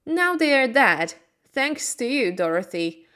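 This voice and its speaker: A woman voicing an old humbug wizard, reading slowly for learners. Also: sits high, big pitch swings, pushed and bright, voice pushed up, exaggerated voice. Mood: confessing. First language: Slovak. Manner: slow, careful reading for learners. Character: old humbug wizard man, timid trickster.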